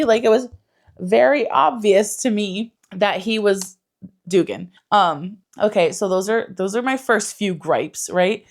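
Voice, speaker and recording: A woman giving a casual, animated book review, swearing freely and saying "like" a lot. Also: medium pitch, normal speed. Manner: animated, swears, lots of "like" fillers.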